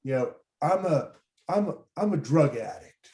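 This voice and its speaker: A man's voice: on the high side, very animated, moderate pace, a little mellow. A man voicing a skeevy male street hustler in a put-on New York accent, rambling and pleading with forced honesty. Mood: wheedling. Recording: roomy echo.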